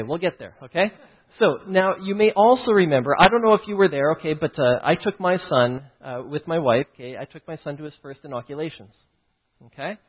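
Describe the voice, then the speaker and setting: A man teaching through a personal story, often stopping to check in with "right?" and "okay?". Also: on the high side. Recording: tinny phone-like line.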